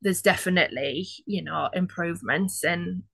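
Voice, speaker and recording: A woman's voice: on the low side, normal speed, gravelly, fairly bright tone, husky, no room sound. A woman telling her own story as an interview guest, chatty and casual, with quoted asides.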